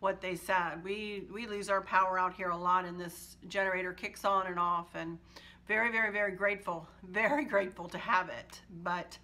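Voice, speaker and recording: A woman's voice: fairly low pitch, steady tone, normal speed, sharp tone. A woman hosting her home decor channel, chatting casually and emotionally to viewers and laughing often.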